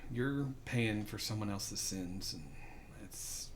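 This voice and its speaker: A man voicing an earnest, grieving male captain who speaks quietly and haltingly. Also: on the low side, background noise. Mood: sad, quiet.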